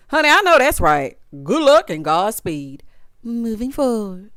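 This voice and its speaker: A woman's voice: a little high, very animated, a little slow, a bit bright, dry recording, studio quality. A woman giving a sassy, opinionated recap of a reality show and talking straight to her viewers. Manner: sassy, talks to viewers directly, acts out cast members' lines.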